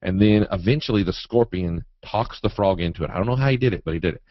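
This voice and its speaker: Casting: man with a lowish voice, folksy and animated trading teacher, dry dull webinar audio. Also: fast talker, dry recording. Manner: folksy, animated, acts out quotes and chart moves. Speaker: trading educator.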